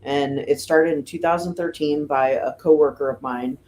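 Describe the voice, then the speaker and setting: This fire lieutenant, a middle-aged woman from the U.S., is an interview guest who recounts stories casually, leaning on "um" and "you know" and animating the quotes she retells. She talks at a normal speed in a low voice, and there is a bit of background noise.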